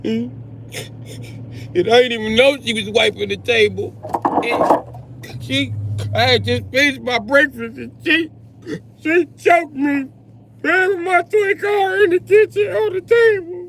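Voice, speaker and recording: A man's voice: fairly even intonation, measured pace, long pauses, a bit bright, exaggerated voice, poor audio. A man doing a whiny six-year-old boy. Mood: whining. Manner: high tearful complaining.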